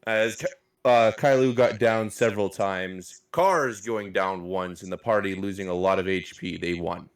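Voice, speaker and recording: A man's voice: sits low, steady tone, normal speed. A man narrating as game master in a casual, rambling way, swearing offhandedly. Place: live-streamed game session.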